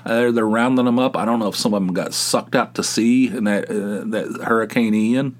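A man's voice: on the low side, steady tone, normal speed. A middle-aged man hosting a podcast, rambling through a casual comic monologue with lots of restarts and exasperated asides. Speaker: podcast host.

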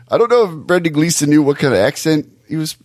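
A man co-hosting a podcast, talking things over in a thoughtful, halting way with many restarts. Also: fairly high pitch, big pitch swings, dry recording, clean studio sound. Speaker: podcast co-host. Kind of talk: casual podcast discussion.

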